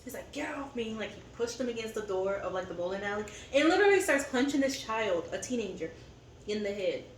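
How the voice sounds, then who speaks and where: A woman's voice: mid-range voice, very animated, fast, slight background noise. Woman, casual chat co-host, candid and rambling; off-mic in an echoey room. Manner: candid, venting, rambling with fillers. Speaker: co-host of a family eating channel. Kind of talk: casual chat over a meal. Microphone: camera set up at a distance. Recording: roomy echo, distant mic, faint ambience.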